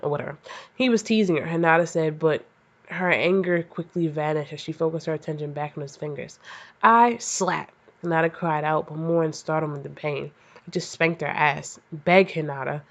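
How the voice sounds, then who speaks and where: A woman's voice: deep voice, steady tone, brisk. A woman hosting a comedic fan fiction reading, stumbling over the text and breaking off into profane, self-mocking asides. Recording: slightly dull lo-fi audio.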